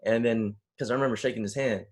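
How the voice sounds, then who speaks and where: A young man from the Bay Area telling a story in casual conversation, animated, acting out the voices of the people he quotes. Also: on the low side, quick pace. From San Francisco Bay Area. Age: young adult. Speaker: panel guest.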